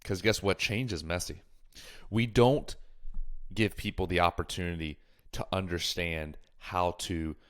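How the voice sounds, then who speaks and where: A man hosting a casual podcast, talking in an animated, jokey way and drifting into tangents. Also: low voice, unhurried.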